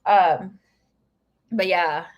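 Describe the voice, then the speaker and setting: A woman's voice: fairly low pitch, drawn-out words, lo-fi sound. A woman giving a casual live tarot reading, chatting and telling stories to viewers she calls by name. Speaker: tarot reader.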